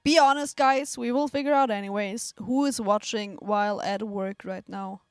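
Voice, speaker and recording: Stream co-host, mid pitch, dry close sound, teasing viewers. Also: moderate pace, clean tone, no room sound. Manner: teasing, talks to chat directly. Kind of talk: casual live-stream chat.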